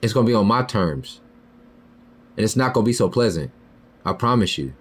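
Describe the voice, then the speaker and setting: A man hosting a podcast, delivering a heated, profane monologue that swings between loud high outbursts and low muttered lines. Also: lively intonation, fairly quick, slightly rough. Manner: heated, profane, repeats "you feel me" and "bro". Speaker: podcast host.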